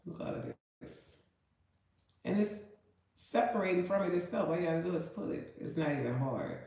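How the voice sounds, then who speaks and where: A woman's voice: on the low side, expressive, a little fast, warm tone. A woman, chatting folksily to viewers while she cooks and cleans meat in her kitchen. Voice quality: nasal. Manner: chatty, folksy, calls viewers baby and honey. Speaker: cooking vlogger. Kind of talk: casual cooking talk to viewers. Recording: very echoey room.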